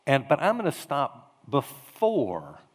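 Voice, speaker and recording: A man's voice: medium pitch, slow pace. A male pastor giving a conversational sermon, telling a story and acting out the quotes. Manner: storytelling with animated acted-out quotes. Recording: echoey hall reverb.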